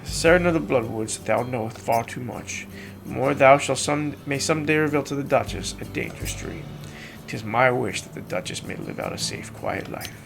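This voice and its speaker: A streamer putting on a stately courtier who speaks in old-fashioned, formal English. The delivery is grave and measured, with a gravelly rasp at the low end. Faint game music plays underneath. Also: lightly acted. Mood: solemn. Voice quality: archaic, formal phrasing. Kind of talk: reading game dialogue aloud.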